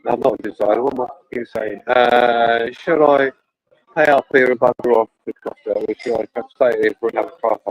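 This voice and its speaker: A man's voice: medium pitch, fairly even intonation, a little fast, dull audio. A man chatting casually and rambling to live-stream viewers from a cafe.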